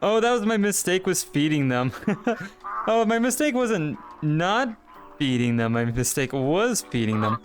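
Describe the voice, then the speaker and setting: A man streams himself gaming and talks at an unhurried pace, staying playful and excitable. Frequent giggles and abrupt upward leaps in pitch mark his casual chatter.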